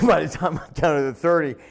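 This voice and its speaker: A pro wrestler in an interview, recounting anecdotes in an animated, self-deprecating way. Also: male voice, fairly high pitch, a little slow, vocal fry. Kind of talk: casual interview storytelling.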